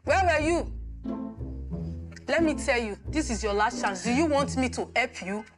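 A woman's voice: on the high side, animated, normal speed, faint music behind, lightly acted. An actress playing an overbearing, preachy female visa officer who sermonizes applicants, with a Nigerian accent.

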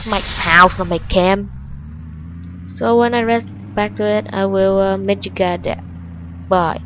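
A gaming channel host, a woman whose first language is Vietnamese, gives let's-play commentary in simple non-native English with a Vietnamese accent. She shifts from low muttering to high, excited shrieks. The audio is poor, with slight background noise.

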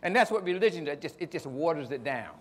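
An older man preaching a sermon, emphatic with sudden loud rises, telling stories in casual folksy phrasing. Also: on the high side, very animated, fast, slight background noise. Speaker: pastor.

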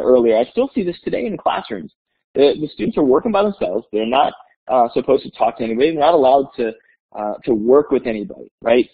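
A man who is an educator, presenting in a webinar as an animated storyteller who repeats words as he goes. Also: on the high side, husky. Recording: tinny phone-like webinar audio.

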